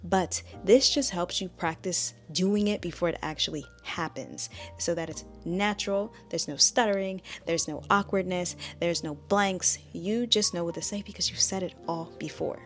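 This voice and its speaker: Chatty woman tutor, lowish voice. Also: normal speed, hardly any pauses, faint music behind. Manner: chatty, direct, coaching the viewer. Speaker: language tutor. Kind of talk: casual spoken tutorial.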